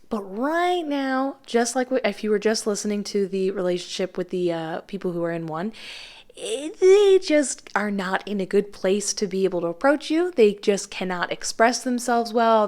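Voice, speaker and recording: A woman giving a pick-a-card tarot reading in a chatty, reassuring way with many fillers. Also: medium pitch. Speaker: tarot reader.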